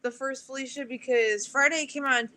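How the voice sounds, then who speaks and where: A woman's voice: sits high, steady tone, normal speed, a loud crowd. A woman who makes videos, speaking as a guest in a live online interview in an upbeat, emphatic way. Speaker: guest, YouTuber.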